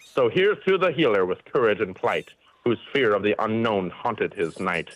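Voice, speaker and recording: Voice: mid-range voice, moderate pace, no echo, natural voice, low-quality recording. A voice playing a robotic poem-reading machine. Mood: reciting. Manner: steady, rhythmic recitation.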